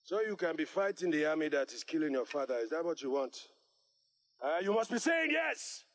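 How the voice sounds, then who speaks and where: A barking African-accented warlord. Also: male voice, on the high side, big pitch swings, brisk. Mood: menacing. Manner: barking orders, drilling troops. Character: commanding male warlord, harsh and domineering. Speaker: film character.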